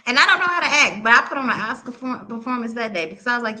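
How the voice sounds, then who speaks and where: Bright-voiced animated woman tarot reader. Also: fairly high pitch, racing. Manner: animated, laughing, slangy and candid. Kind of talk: live tarot reading and storytelling.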